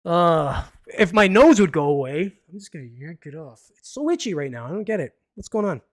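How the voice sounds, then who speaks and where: A fairly high-pitched man hosting a casual live podcast, reading out news stories and breaking off into sarcastic, rambling asides. The sound is close and dry, with no room around it. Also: very animated, brisk, no echo. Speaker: podcast host.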